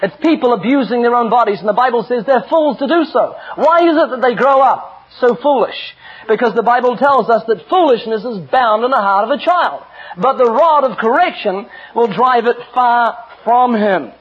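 A middle-aged man delivers an earnest, emphatic sermon woven with personal stories. His voice sits high for a man and has a husky edge. The recording is dull and lo-fi. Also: animated, moderate pace. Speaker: preacher.

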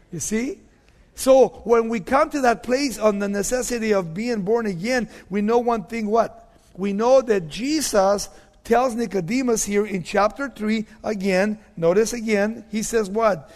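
A high-voiced man preaches a sermon in a hall with a long reverb. He is emphatic, hammers key phrases through repetition, and sinks to hushed, low tones to drive a point home. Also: moderate pace.

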